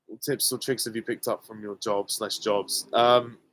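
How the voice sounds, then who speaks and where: A young British man hosting a live viewer Q and A, answering casually and candidly with many pauses and ums. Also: fairly low pitch, little pitch movement, fairly bright tone, slight background noise. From Britain. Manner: hesitant, many ums, candid and self-deprecating. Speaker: channel host answering viewer questions.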